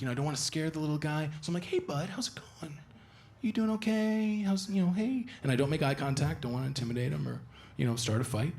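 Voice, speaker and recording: A young man performing a stand-up comedy set live on stage, animated and acting out shrill impressions of his girlfriend. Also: a little hiss or hum. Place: theater stage before a live audience. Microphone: stage microphone. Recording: live stage recording with audience laughter. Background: audience laughter and applause.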